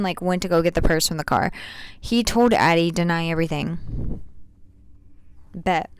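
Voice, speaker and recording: Young woman, casual book vlogger, slangy and sarcastic, smooth lower voice. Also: no echo. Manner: slangy, rambling, sarcastic asides. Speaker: book reviewer. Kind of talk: casual book review vlog.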